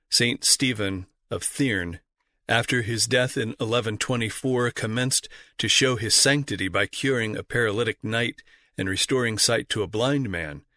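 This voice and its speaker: A man reading a history audiobook aloud in a measured, formal narration style. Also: medium pitch, pushed and bright, dry recording, clean studio sound. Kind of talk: scripted narration.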